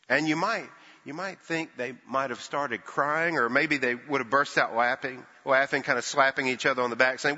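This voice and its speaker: A man's voice: medium pitch, normal speed. Older male preacher in an echoing hall. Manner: storytelling, acts out quoted voices with hushed and lifted tones. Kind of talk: sermon. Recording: dull sound with long hall reverb.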